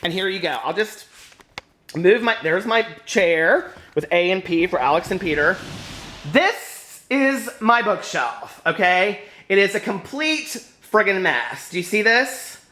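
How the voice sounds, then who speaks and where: A man hosting a casual book vlog at home, chatty and animated, laughing often and drawing out words for dramatic emphasis as he walks between rooms. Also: high-pitched, unhurried. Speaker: book vlogger host. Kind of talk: casual rambling vlog chat.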